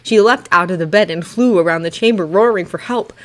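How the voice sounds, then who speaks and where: A woman reading a fanfiction story aloud in steady storytelling narration. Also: on the low side, fairly quick. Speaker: fanfiction reader. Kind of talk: audiobook narration.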